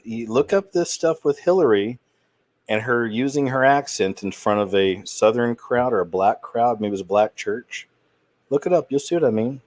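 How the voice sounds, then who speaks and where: A man's voice: medium pitch, lively intonation, moderate pace, darkish tone, no room sound. A man hosting his own channel, talking in a rambling, indignant commentary with trailing restarts. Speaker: channel host. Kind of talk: casual commentary monologue.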